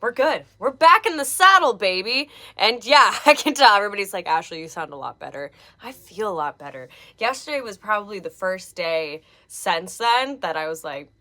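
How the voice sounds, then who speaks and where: A woman's voice: mid-range voice, animated, moderate pace, hardly any pauses, pushed and bright. A woman hosting a live stream, chatting casually and greeting viewers by name in a bubbly way. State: slightly out of breath. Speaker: livestream host.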